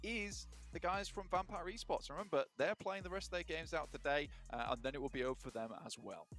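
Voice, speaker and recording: A man's voice: on the high side, fairly quick, a bit bright, soft background music. A man casting an esports match, chatty and loose, going through standings and points. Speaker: esports caster. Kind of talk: esports commentary.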